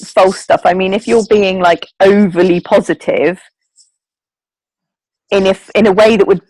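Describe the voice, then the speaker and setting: A woman's voice: medium pitch, fairly even intonation, a little slow, darkish tone, no echo, poor audio. A woman, leading her team on a group video call, talking in a chatty, earnest way with plenty of fillers. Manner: chatty, earnest, emotional, with many fillers and laughs. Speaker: network marketing team leader.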